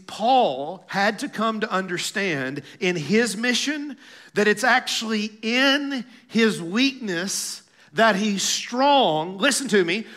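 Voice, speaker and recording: A man preaching to his congregation in a high, bright voice. He draws out scripture readings slowly and turns emphatic as he calls out to his listeners. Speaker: pastor. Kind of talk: sermon.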